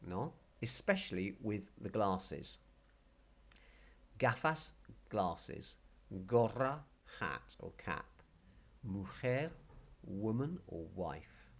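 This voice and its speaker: Male Spanish tutor, low voice, slow and very animated delivery, patient and repetitive. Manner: patient, explains slowly and repeats words. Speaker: Spanish teacher. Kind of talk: casual video language lesson.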